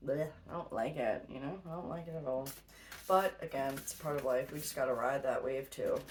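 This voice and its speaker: Woman tarot reader, low voice, blunt and profane, laughs easily; distant mic, faint noise. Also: brisk, a little mellow. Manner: blunt, swears freely, laughs a lot. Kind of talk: casual spiritual pep talk.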